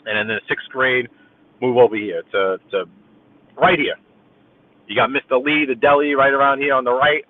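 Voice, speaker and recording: A man's voice: mid-range voice, moderate pace, long pauses. Chatty New York man in a car. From Brooklyn, New York. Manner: rambling, talkative, chatty with viewers. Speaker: live-stream driving host. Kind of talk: casual live-stream chat while driving. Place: inside a car. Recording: tinny phone-like audio.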